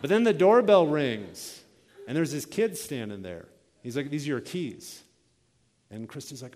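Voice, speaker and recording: A man's voice: mid-range voice, lively intonation, moderate pace, a little mellow, in a large hall. A man preaching a sermon as pastor, reading scripture and telling a personal story with quoted voices.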